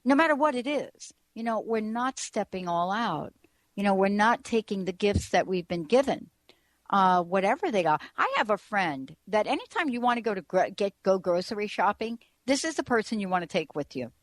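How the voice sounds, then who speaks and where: A woman's voice: medium pitch, animated, moderate pace, no room sound. A woman hosting a talk radio show, chatting casually and rambling with frequent restarts.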